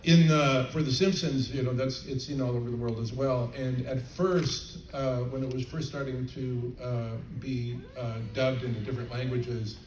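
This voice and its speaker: An older man chatting on a convention panel, halting with many fillers and restarts. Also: medium pitch, steady tone, darkish tone. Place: convention hall panel stage. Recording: roomy, distant, faint crowd noise.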